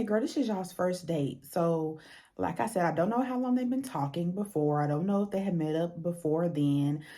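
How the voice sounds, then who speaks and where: A woman's voice: mid-range voice, mellow. A young woman giving a casual, blunt and profane recap of a reality show, acting out the people she quotes.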